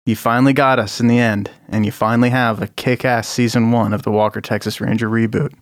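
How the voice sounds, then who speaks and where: A man co-hosting a podcast in casual chat, laughing often and tossing in quick asides. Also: mid-range voice, little pitch movement, no room sound, clean studio sound. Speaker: podcast co-host.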